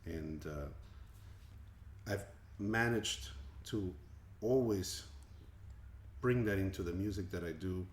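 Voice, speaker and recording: A man's voice: deep voice, slow pace, long pauses. A man from Colombia, a musician guest, answering interview questions in a thoughtful, earnest way, often repeating words as he searches for them. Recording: echoey room with faint ambient noise.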